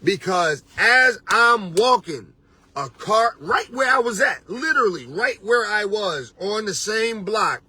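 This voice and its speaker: Man, life coach, husky voice, bright and forceful tone, preachy motivational vlog, slangy. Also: high-pitched, expressive, slow, no room sound. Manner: preachy, repeats "you understand"; casual street slang. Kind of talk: motivational talk to camera.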